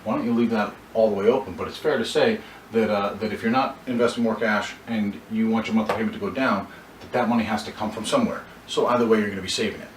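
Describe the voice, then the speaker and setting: A man's voice: lowish voice, steady tone, quick pace. Echoey, distant male sales trainer. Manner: coaching, role-plays dialogue, frequent restarts. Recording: echoey room from far off, faint background noise.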